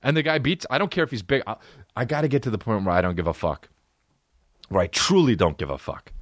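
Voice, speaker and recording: A man's voice: mid-range voice, expressive, fast, no room sound, clean studio sound. A man hosting a solo comedy podcast, ranting and riffing with profane, exaggerated stories. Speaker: podcast host.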